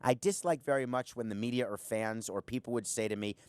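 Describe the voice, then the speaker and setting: A man's voice: mid-range voice, fairly quick, a little mellow, clear, resonant tone, no room sound. A middle-aged man hosting a sports commentary show from a studio, sarcastic and emphatic, speaking straight to the viewer. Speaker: show host, former team owner. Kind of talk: opinionated sports commentary monologue.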